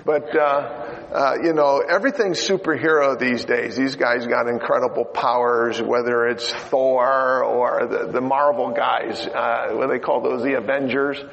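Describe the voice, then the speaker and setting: A man's voice: medium pitch, steady tone, a little slow, creaky, few pauses, a bit bright. An older man preaching a sermon in a chatty, joking way, with many fillers. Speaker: pastor. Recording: dull lo-fi sound in a reverberant hall.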